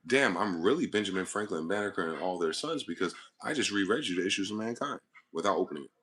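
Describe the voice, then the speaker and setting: A man's voice: deep voice, animated, quick pace, fairly bright tone. A man hosting his own channel, talking alone in a rambling, profane monologue built on wordplay. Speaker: channel host. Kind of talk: solo monologue to camera.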